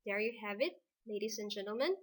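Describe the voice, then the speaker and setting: A woman teacher with a Filipino English accent, dictating a recorded lesson slowly and deliberately. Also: mid-range voice, expressive.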